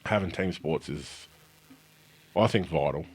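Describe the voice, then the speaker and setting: A man's voice: very deep voice, measured pace, a little mellow, breathy edge. An Australian man in his forties, a podcast guest chatting casually and bluntly, swearing freely and acting out what his family says. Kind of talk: casual chat.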